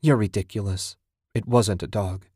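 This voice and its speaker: A male narrator voicing a frightened, insistent wife with a raised, sharp-edged voice in a spoken story. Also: fairly low pitch, steady tone, moderate pace, slightly rough, no room sound, clean studio sound.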